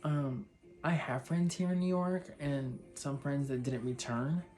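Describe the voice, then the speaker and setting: A man's voice: mid-range voice, fairly even intonation, measured pace, darkish tone, slight background noise. A young man from Texas telling a personal story in a vlog, rambling and heartfelt, with lots of "like" and "you know". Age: young adult. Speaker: vlogger.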